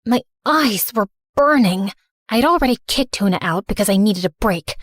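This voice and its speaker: A young woman narrating an animated story in first person, earnest and emotional. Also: medium pitch, normal speed, no echo, clean studio sound.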